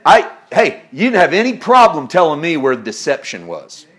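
High-pitched, animated preaching man. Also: moderate pace, husky. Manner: swings from loud preaching to hushed tones, laughs often. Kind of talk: sermon.

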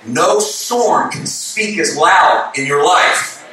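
A man preaching a sermon, building from calm teaching to shouted, passionate preaching. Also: fairly high pitch, takes it slowly, slight background noise. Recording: echoey hall from a distance.

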